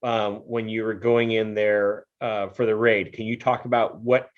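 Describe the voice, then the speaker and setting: A man hosting an interview, asking questions haltingly and repeating words as he goes. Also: on the low side, flat delivery, lo-fi sound. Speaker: interview host. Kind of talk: conversational interview.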